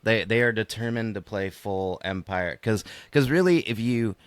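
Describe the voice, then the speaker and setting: A man's voice: on the low side, moderate pace, smooth, dry recording. A man co-hosting a casual hobby gaming podcast, joking with dry sarcasm. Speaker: podcast co-host. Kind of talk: casual chat.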